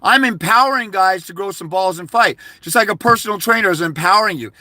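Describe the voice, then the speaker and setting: A man with a fairly high voice delivers a combative, insult-laden rant to camera. The sound is close and dry, with no room around it. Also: fast, bright, forceful tone, no room sound. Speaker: YouTuber giving fathers' rights advice. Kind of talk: angry vlog rant.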